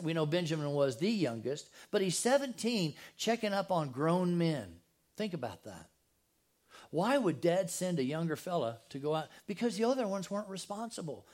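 A man delivers a sermon in a church. His voice sits a little high for a man, and he keeps it casual and joking, tossing questions to the people in front of him. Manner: casual, joking, talks straight to the congregation. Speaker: pastor. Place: church sanctuary.

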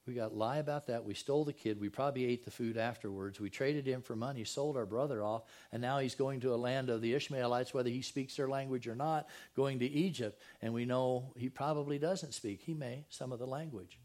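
A man's voice: mid-range voice, brisk, hardly any pauses, a little mellow. An older man, preaching a sermon in a conversational way and often asking his listeners rhetorical questions. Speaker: pastor.

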